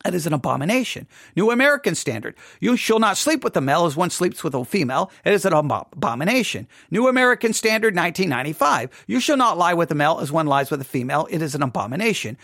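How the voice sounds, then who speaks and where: A man's voice: on the high side, big pitch swings, fast, creaky, few pauses, fairly bright tone, no echo, clean studio sound. A man reading a string of verses aloud at speed, then thinking aloud with restarts and fillers as he looks things up. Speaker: commentator. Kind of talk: reading aloud and casual commentary.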